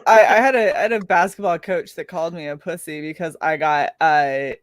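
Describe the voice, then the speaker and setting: A woman's voice: sits low, fairly quick, no echo. Blunt, laughing woman co-host; dry, close recording. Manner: blunt, swears freely, laughs often. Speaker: podcast co-host. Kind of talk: casual chat.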